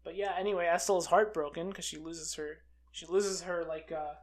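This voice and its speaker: A chatty reviewer retelling a film plot in a loose, rambling way, with "like" sprinkled everywhere. The voice sits at a middle pitch. Characters' lines come out in the same flat, offhand tone as the rest of the talk. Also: a little fast. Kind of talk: casual movie recap.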